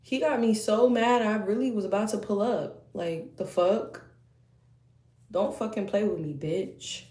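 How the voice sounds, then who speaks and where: A young woman tells her story as a heated, profane rant. She flares into loud bursts, then drops to low muttering. Her voice rings around a roomy, echoey space. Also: a little slow.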